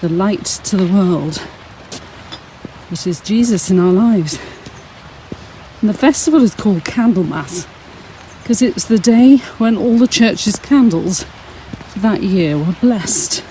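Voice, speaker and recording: Soft-spoken woman, slightly out of breath outdoors. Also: mid-range voice, expressive, takes it slowly, long pauses, slight background noise, low-quality recording. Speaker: Sunday school leader. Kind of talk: outdoor talk to camera on a walk. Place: outdoors on a frosty hillside walk.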